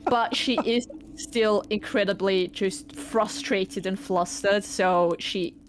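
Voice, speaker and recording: A woman narrating a tabletop game as game master, relaxed and conversational. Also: mid-range voice, slow pace, soft background music.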